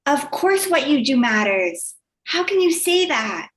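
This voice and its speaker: Woman acting student, high and lively pitch, gentle soft reading. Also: measured pace, reverberant, slight background noise. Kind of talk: scene reading in class. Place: acting class studio.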